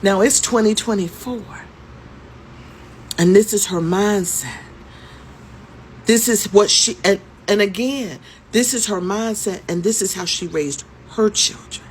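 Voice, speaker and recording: In a storytime vlog, a woman in her fifties tells a story conversationally and emphatically, often asking rhetorical questions. Her voice is mid-range and her pace measured, with slight background noise.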